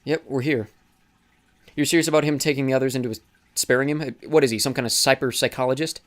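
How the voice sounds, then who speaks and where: A man's voice: mid-range voice, steady tone, fast, pitched above the performer's own voice, lightly acted. A man doing a sarcastic, wary teenage boy. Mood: wry.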